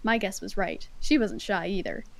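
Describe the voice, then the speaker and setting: A woman's voice: medium pitch, expressive, moderate pace, vocal fry, poor audio. A woman chatting and reading a story aloud with a self-conscious, giggly manner. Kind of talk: casual chat and dramatic reading. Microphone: headphones.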